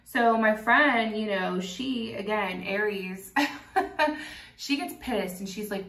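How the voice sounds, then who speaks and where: Young woman, Kentucky, casual storytime vlog, animated and candid, echoey room, mic set back. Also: medium pitch, unhurried, far from the mic. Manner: animated, candid, laughs often, swears freely. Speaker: vlogger. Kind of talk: casual storytime while doing makeup.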